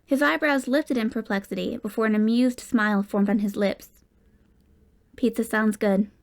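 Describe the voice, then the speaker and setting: Female audiobook narrator, calm even read, fairly high voice. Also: a little fast, vocal fry. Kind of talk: scripted first-person narration.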